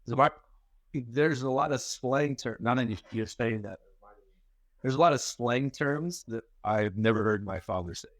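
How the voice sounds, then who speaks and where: A man's voice: mid-range voice, measured pace, dry recording. A man co-hosting a podcast, chatting casually and telling family stories with rambling restarts and easy laughter. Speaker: podcast co-host. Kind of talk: casual chat.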